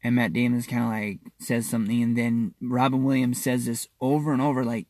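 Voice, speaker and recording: Halting, earnest man, dry close sound. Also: medium pitch, little pitch movement, a little mellow, no echo. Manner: halting and repetitive, often restarting and doubling words; reassuring, earnest. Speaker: wellness practitioner addressing listeners. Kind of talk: casual spoken monologue to listeners.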